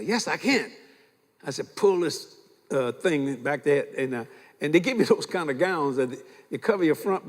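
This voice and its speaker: An older man preaching a sermon, telling stories in a folksy, animated way and acting out the dialogue. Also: fairly high pitch, breathy edge. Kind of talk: sermon with storytelling. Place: large church. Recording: reverberant church hall.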